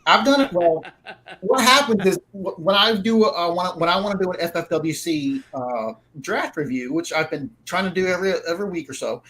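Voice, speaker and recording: A man's voice: high-pitched, fairly quick, fairly bright tone, poor audio. A man co-hosting a fantasy football show, chatty and prone to restarting sentences with fillers. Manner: chatty, self-interrupting with fillers. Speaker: fantasy football content writer co-host. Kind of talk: casual podcast chat.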